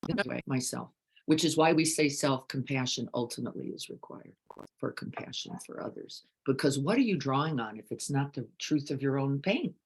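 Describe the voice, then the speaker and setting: Gentle, questioning woman meditation teacher. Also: a bass voice, lively intonation, normal speed, slightly rough. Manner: questioning and gentle, swings from hushed to emphatic. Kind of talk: reflective dharma talk, reading participant comments.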